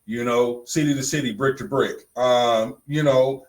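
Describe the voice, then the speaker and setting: A man's voice: medium pitch, fairly even intonation, a little slow, rough recording. A man co-hosting a podcast in casual chat, blunt and emphatic, repeating phrases for punch. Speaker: podcast co-host.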